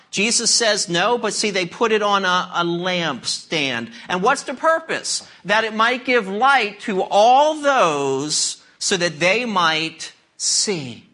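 Slow, emphatic preaching man. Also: sits high, sharp tone. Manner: emphatic preaching with questions to the congregation. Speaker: pastor. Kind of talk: sermon.

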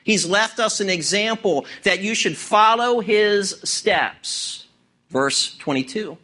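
A church's pastor preaches an expository sermon in a high, bright, forceful voice, expressive and slow-paced. He stresses key words emphatically and fires rhetorical questions at the congregation.

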